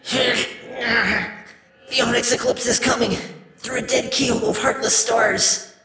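A man voicing a possessed unicorn foal through whom spirit voices speak, eerie, slow and prophetic. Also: extremely high pitch, fairly even intonation, bright, forceful tone, roomy sound, soft background music, pitched above the performer's own voice, exaggerated voice.

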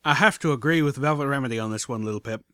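A man's voice: mid-range voice, racing, bright, forceful tone, clear, resonant tone, dry recording, clean studio sound, lightly acted. A man voicing a blunt, folksy male pegasus pony gunslinger with a plain-spoken drawl. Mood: firm.

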